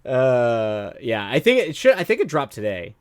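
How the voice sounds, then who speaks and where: A man's voice: medium pitch, wildly swooping pitch, normal speed, clean tone, no room sound. Rambling, chatty male streamer. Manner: rambling, self-interrupting, laughs often. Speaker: streamer host. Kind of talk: casual live-stream chat.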